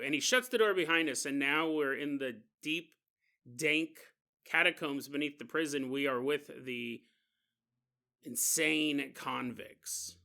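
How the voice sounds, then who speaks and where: Animated, jokey man with a bright voice. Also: on the high side, unhurried, vocal fry, clean tone. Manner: animated and jokey, often laughing. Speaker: podcast host. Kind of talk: comedic storytelling.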